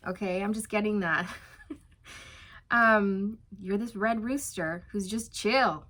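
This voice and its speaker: A woman reads tarot in a loose, conversational way, full of fillers and easy laughter. Her voice sits at an ordinary mid pitch. She stretches out her words when she wants to reassure the listener. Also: steady tone, a bit bright. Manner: chatty and encouraging, many fillers and light laughs; slows down for emphatic reassurances. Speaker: tarot reader. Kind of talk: casual spoken tarot reading.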